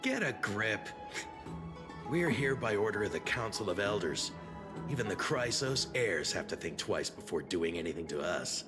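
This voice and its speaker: A man's voice: lowish voice, big pitch swings, moderate pace. An actor playing an officious male city guard in a game, speaking curtly. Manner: curt, official tone. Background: game music.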